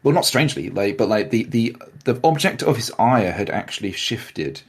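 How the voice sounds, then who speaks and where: Enthusiastic man co-host, halting speech. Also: fairly low pitch, big pitch swings, breathy edge. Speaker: podcast co-host. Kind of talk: casual recap chat.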